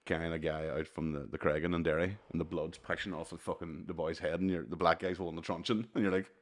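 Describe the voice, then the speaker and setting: A man's voice: low voice, level tone, fast talker. A man co-hosting a podcast, telling rambling, sweary stories in casual chat. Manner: sweary, rambling anecdotes with frequent laughs. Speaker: podcast co-host, comedian.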